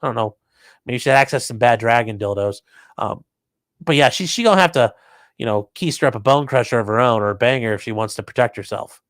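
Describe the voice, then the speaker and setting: A man's voice: medium pitch, quick pace, fairly bright tone, dry recording. Casual crude-joking male streamer. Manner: offhand, crude jokey asides. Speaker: livestream host reading chat. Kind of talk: casual livestream commentary.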